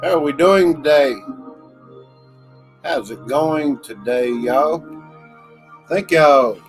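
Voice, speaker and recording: A man hosting a casual livestream, slowly greeting viewers and thanking chatters by name. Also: fairly high pitch, soft background music. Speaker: livestream host.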